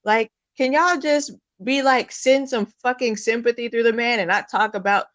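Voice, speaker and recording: A woman's voice: a little high, normal speed, hardly any pauses, a bit bright, no echo. A woman co-hosting a casual sports talk show, blunt, heated and profane. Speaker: podcast co-host.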